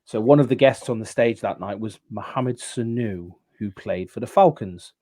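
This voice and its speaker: A man guest on a podcast, telling stories in casual chat and pausing with many ums. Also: fairly low pitch, warm tone. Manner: rambling storyteller, halting with many ums.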